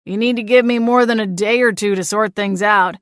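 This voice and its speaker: A woman's voice: mid-range voice, fairly even intonation, fairly quick, no room sound, studio quality, lightly acted. A woman doing a grumbling small-town sheriff. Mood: exasperated. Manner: exasperated, long-winded, condescending.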